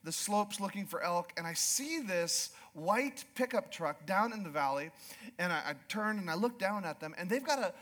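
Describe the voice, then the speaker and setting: Here a pastor, a middle-aged man from Alaska, speaks in a high voice while preaching. His sermon unfolds as a lively personal story, sometimes slipping into impressions of slow, drawling voices.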